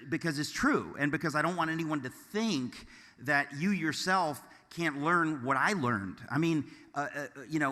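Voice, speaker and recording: A man giving a speech to a live audience, mixing deadpan mock-offensive jokes with earnest, rambling remarks. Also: a little high. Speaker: keynote speaker. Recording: long hall reverb.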